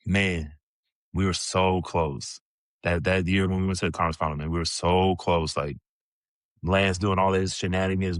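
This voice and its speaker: Brief: low-pitched man in his 30s, loose swearing storyteller, dry close sound. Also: dry recording. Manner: profane, animated storyteller, many "bro" and "like" fillers. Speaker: podcast guest, former pro basketball player. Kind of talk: casual storytelling.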